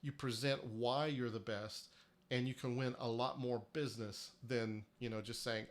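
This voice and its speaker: A man's voice: mid-range voice, steady tone, moderate pace. A man hosting a live-streamed marketing workshop, talking emphatically and persuasively, with frequent restarts. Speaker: host of a marketing workshop livestream.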